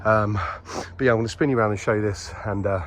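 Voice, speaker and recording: A man's voice: on the low side, steady tone, fast, a little hiss or hum. Breathless man vlogging outdoors. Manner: chatty, rambling, self-mocking. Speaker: vlogger exploring a historic site. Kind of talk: casual walking vlog. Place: outdoors on a hilltop by a graveyard. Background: birdsong.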